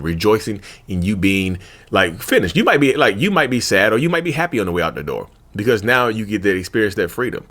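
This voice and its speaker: A man with a deep voice talks straight to the camera, his pitch jumping up and down as he goes. He holds a handheld mic while seated at home, speaking colloquially with folksy asides and repeated phrases. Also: fairly bright tone. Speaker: YouTube host talking about narcissism. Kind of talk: casual direct-to-camera talk.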